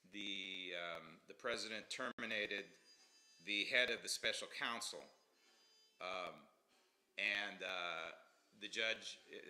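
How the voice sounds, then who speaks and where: A man hosting a political commentary livestream, opinionated and mocking, swinging from loud outbursts to low asides. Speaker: host.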